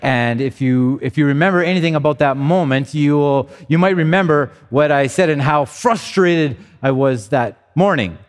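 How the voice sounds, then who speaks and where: A man's voice: fairly high pitch, moderate pace, few pauses, big-room sound. A man in his thirties preaching a sermon as pastor, earnest and conversational, often restarting his phrases. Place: church sanctuary.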